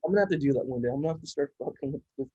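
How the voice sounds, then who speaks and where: A young man with a fairly high, husky voice chips in with teasing remarks. He chuckles a lot and keeps the talk loose and casual. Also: very fast, dark tone, muffled recording. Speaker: podcast co-host. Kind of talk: casual chat.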